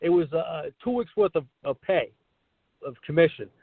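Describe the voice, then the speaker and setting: A man's voice: on the high side, expressive, moderate pace, slightly rough, no room sound. A middle-aged man, a comedian, telling stories from his career in a casual interview and acting out the dialogue. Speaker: guest, comedian. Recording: tinny call line, dry.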